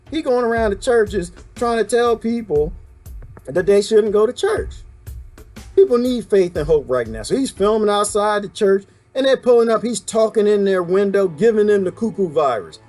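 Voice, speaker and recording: Brief: high-pitched man, fiery self-made vlogger rant, faint music underneath. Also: animated, moderate pace, darkish tone. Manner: heated, preachy, fires rhetorical questions. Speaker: video blogger. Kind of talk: ranting monologue to viewers.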